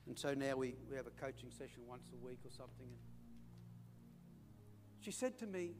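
Pausing often, a middle-aged Australian pastor with a medium-pitched, brisk voice preaches over background music. His sermon is folksy storytelling aimed at his mates and friends, in an echoey hall carrying a faint hum.

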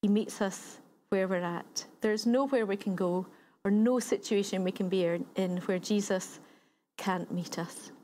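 A woman's voice: medium pitch, unhurried, mellow, slight background noise. A woman giving a sermon, retelling a story in a conversational way and building points through repetition. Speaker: preacher.

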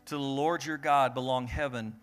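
A young adult man preaching a sermon, telling stories and acting out voices with lively delivery. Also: medium pitch, moderate pace. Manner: animated storytelling, acts out voices. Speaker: pastor.

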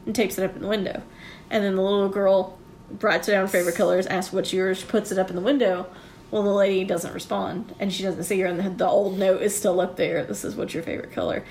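A woman chatting casually with friends, telling long wandering stories and dropping a swear word here and there. Her voice sits at a middle pitch, with a faint hum of noise behind her. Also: flat delivery, a little fast, a little mellow. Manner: rambling storyteller, swears casually. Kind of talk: casual chat.

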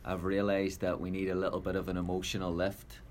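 A man hosting a coaching podcast, speaking in a measured, reflective way as he tells stories. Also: low-pitched, monotone, slight background noise. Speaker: podcast host, soccer coach. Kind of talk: podcast chat and storytelling.

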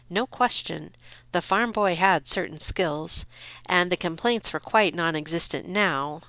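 Woman narrator, low and gravelly, wry storybook reading, dry close mic. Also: fairly bright tone, no room sound.

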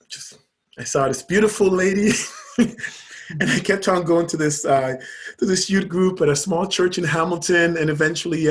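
Man, middle-aged, from Jamaica, slightly high voice, earnest, halting, lots of fillers. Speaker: guest, youth charity founder. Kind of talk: personal storytelling in interview.

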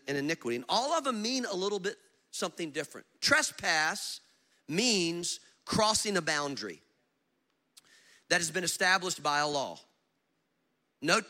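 Male pastor, bright and forceful tone, preacher who tells stories with acted dialogue. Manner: preaching with big swings between loud emphasis and low storytelling. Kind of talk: sermon.

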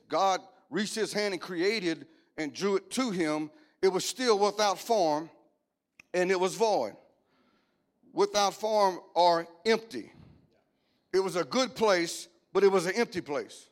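A middle-aged pastor with a Cajun accent preaches with humor, his voice sitting high for a man. He keeps the sermon joking and animated, breaking into loud whoops and shouts. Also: a little slow.

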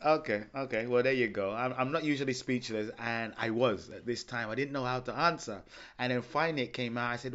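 A man hosts a relaxed podcast conversation, telling funny stories with plenty of laughter. His voice sits at an ordinary pitch. The recording sounds slightly dull and lo-fi. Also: fairly quick. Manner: animated, laughing anecdotes. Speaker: podcast host, salsa event organizer. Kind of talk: casual chat, storytelling.

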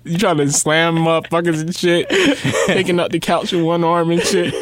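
A man's voice: moderate pace, few pauses, dry recording. A man in casual chat, telling stories with lots of swearing and acting out quotes. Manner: animated, profane, acts out quotes with big pitch swings.

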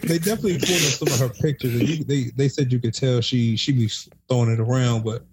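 A man's voice: medium pitch, steady tone, quick pace, darkish tone, slight background noise. A man co-hosting a casual podcast chat, teasing the others and repeating words as he talks. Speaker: podcast co-host.

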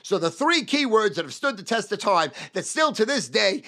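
A middle-aged man, a sales trainer giving a profane motivational rant and shouting repeated keywords. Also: sits high, sing-song, moderate pace.

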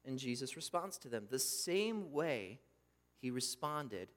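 A man preaching a sermon, emphatic, swinging between loud bursts and hushed asides. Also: medium pitch, big pitch swings, slow. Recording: long reverb from a hall.

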